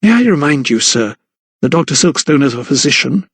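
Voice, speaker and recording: A man voicing an anguished young noblewoman, a mother who pleads with a quivering voice and then turns forceful. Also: mid-range voice, very animated, brisk, husky, no echo, exaggerated voice. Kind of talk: audiobook character voice.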